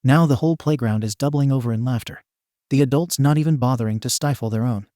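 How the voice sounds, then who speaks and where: A man's voice: medium pitch, quick pace, dark tone, no room sound, clean studio sound. A man narrating a comic story in a wry, playful way.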